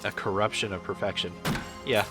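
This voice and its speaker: A man's voice: fairly low pitch, steady tone, a little fast, over loud music. A man chatting casually on a game stream, rambling and swearing as he answers chat.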